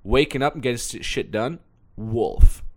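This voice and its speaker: A man's voice: fairly low pitch, fairly quick, a little mellow, slight background noise. A young man hosting a motivational podcast, talking bluntly and pushily with lots of energy and repeating his key phrases. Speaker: podcast host and online business coach.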